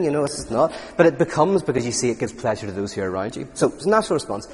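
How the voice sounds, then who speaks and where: A man giving an informal lecture to an audience, telling stories with lots of restarts. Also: on the low side. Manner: animated storytelling, frequent restarts. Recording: long reverb in a hall.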